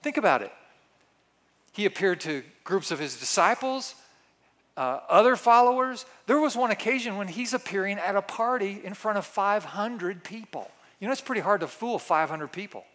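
A middle-aged man preaching a sermon in an animated way, acting out the voices he quotes. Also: sits high, normal speed. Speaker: pastor.

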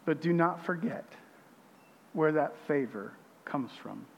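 Pastor guy preaching, slow and deliberate, gets loud on the scripture then goes quiet, big church reverb. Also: fairly high pitch, expressive, gravelly, dull audio. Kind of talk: sermon.

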